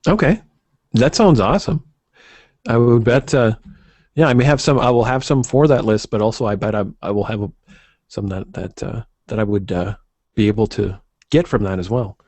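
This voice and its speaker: A man co-hosting a podcast in casual chat, rambling and halting with many restarts. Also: on the low side, a little mellow, dry recording. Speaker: podcast co-host.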